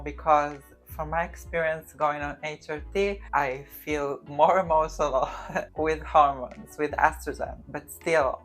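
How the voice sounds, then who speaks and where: A young woman in her twenties hosting a casual comedic vlog, chatty and loose with frequent swearing. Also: deep voice. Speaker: vlogger.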